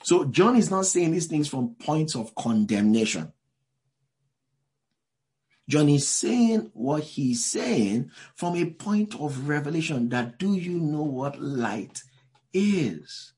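A man's voice: on the high side, animated, slow pace, darkish tone. A man preaching a sermon to a live congregation in a church. He talks in a loose, conversational way, drops in many asides and asks the listeners questions directly. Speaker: pastor.

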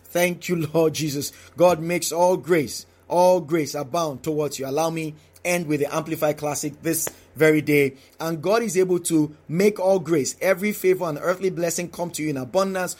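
A man's voice: fairly high pitch, a little fast, darkish tone. A man preaching a daily devotional, emphatic and repetitive, often asking the listener questions.

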